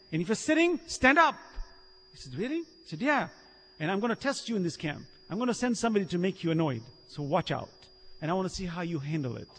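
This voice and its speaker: A man preaching a sermon, telling stories in an animated way, acting out the lines of the people he quotes and often laughing. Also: high voice, breathy edge. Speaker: Islamic preacher. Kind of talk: sermon with storytelling. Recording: long reverb of a hall.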